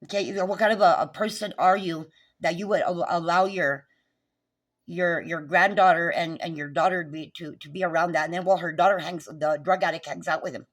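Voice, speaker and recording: A woman's voice: on the low side, steady tone, brisk. Agitated New woman ranting. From New Mexico. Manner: agitated, profane, repetitive ranting. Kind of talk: angry recounting vlog.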